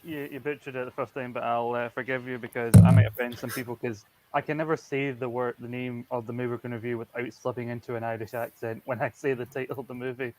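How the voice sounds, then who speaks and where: A man's voice: medium pitch, little pitch movement, darkish tone, rough recording. A man joining a video call as a guest, teasing the host in a joking way. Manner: quick, teasing. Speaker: guest podcaster. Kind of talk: casual call chat.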